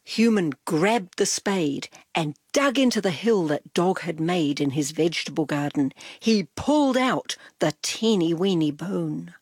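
A woman reading a children's storybook aloud in a soft, gentle voice that dips into whispers. Her pitch rolls expressively while the pace stays unhurried. The recording is close and dry. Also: animated, husky, no echo. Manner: soft, drops to whispers on tags.

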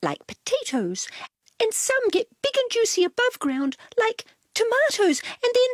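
A high, lilting storybook cat put on by a woman, superior and lecturing in tone. Her voice swoops up and down as she explains things slowly. The sound is close and dry. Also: huge pitch swings, no echo, full character voice. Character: haughty know-it-all female cat.

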